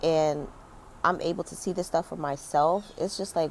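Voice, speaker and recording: In a casual rant, a woman in her thirties who vlogs commentary complains emphatically and conversationally, using lots of fillers. Her voice is deep and a little slow, with a faint hiss or hum.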